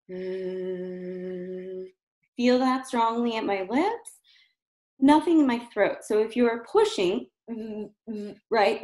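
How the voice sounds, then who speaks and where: A woman voice therapist giving a calm, patient exercise lesson, demonstrating soft hums and chanted syllables. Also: medium pitch. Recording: roomy echo.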